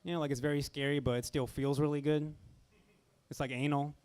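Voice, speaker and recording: A man's voice: on the high side, flat delivery, brisk, darkish tone, smooth. A young man performs stand-up with a self-deprecating, slightly anxious delivery. He riffs with the audience in a casual, conversational way. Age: young adult. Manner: nervous, self-deprecating crowd work. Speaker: stand-up comedian. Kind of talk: stand-up set.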